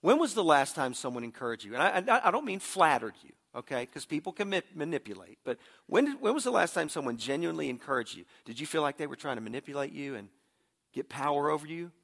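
A man's voice: fairly high pitch, big pitch swings, fast talker, gravelly, a bit bright. A middle-aged man preaching a sermon in a conversational way, often restarting words as he begins a thought. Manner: conversational, repeats words when starting sentences. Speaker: pastor.

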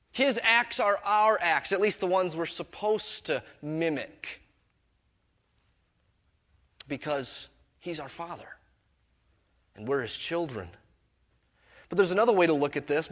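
A man's voice: mid-range voice, fairly bright tone. A middle-aged man preaching a sermon as pastor, mixing scripture with personal stories in a conversational way. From Canada.

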